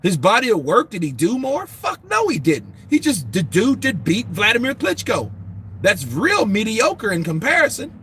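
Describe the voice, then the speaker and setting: A man hosting a boxing talk show, answering viewers in a casual, animated, profane way, and laughing often. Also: high-pitched, moderate pace, a little hiss or hum.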